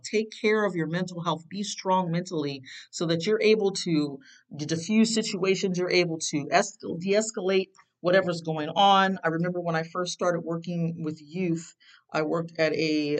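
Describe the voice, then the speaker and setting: A self-help speaker giving casual advice in a rambling, conversational way, full of fillers and restarts, with sudden jumps in pitch on questions. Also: a little slow, poor audio.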